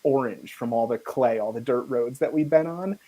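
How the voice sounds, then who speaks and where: Husky-voiced American man telling stories. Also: medium pitch, moderate pace, poor audio. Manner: animated storyteller who acts out other people's lines. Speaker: guest. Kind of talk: storytelling in a podcast interview.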